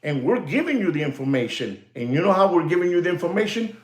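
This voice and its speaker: This live-stream host is a man whose voice sits on the high side and moves at a quick pace. Excitable and animated, he rambles and lectures teasingly, leaning constantly on "you know," with an echoey, roomy sound around him.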